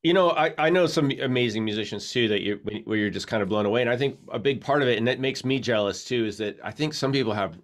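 A man's voice: mid-range voice, fast, few pauses. A man hosting a casual interview about music, reflecting and thinking aloud. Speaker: interview host, percussionist and music educator.

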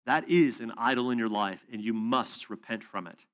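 A man's voice: mid-range voice, normal speed. A man teaching at a faith conference, telling stories in a casual, conversational way with fillers and asides. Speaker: preacher.

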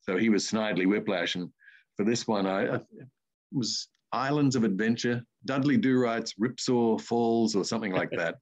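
An older man with an Australian accent, a voice artist telling rambling anecdotes as an interview guest. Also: fairly low pitch. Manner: rambling anecdotes with lively asides. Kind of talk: casual interview storytelling.

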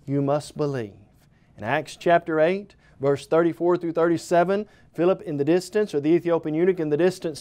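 A man's voice: a little high, dark tone. Earnest man preaching a TV gospel sermon. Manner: earnest, direct address to the viewer as "friend"; emphatic repeated phrases, occasional stumbles on words.

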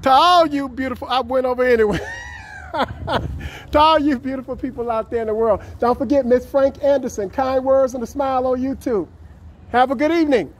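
A man vlogging outdoors on a city street, greeting passing drivers and strangers with effusive, warm words and frequent laughter, repeating his catchphrases. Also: extremely high pitch, quick pace. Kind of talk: upbeat street vlog. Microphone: camera he films himself with.

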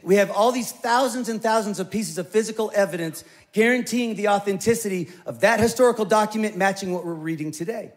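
A middle-aged man who is the pastor, preaching a sermon in a conversational, animated storytelling way with playful asides. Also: high-pitched.

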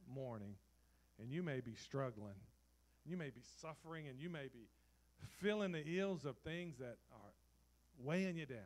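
A pastor preaching a sermon in a church, swinging from loud dramatic bursts to soft, personal talk. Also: male voice, fairly high pitch. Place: church sanctuary.

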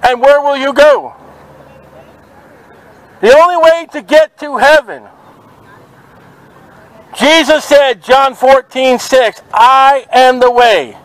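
A man's voice: very high-pitched, takes it slowly, long pauses, a bit bright, no room sound, rough recording. A man preaching fervently outdoors at a market, quoting scripture in an open-air sermon. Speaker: street preacher.

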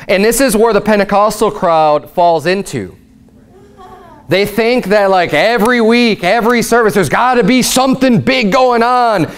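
A man's voice: sits high, unhurried, smooth. Conversational male pastor preaching. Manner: conversational, animated storytelling. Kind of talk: sermon.

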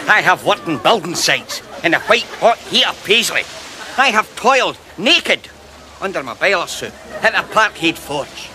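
An actor with a Glaswegian accent playing a middle-aged husband sunbathing, boasting in grand mock-heroic terms. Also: male voice, fairly high pitch, bright, forceful tone, slight background noise, full character voice. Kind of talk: sitcom acting.

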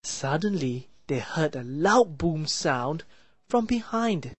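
Woman storyteller for a kids' lesson, very slow and deliberate, lower voice, dry close sound. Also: no echo. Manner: clear, deliberate, expressive. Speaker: storyteller for a children's math lesson. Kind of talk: slow read-aloud children's story narration.

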